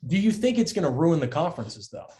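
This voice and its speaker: A young man co-hosting a sports podcast in casual chat, animated and incredulous, repeating himself and swearing freely. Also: fairly high pitch, fast. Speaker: podcast co-host.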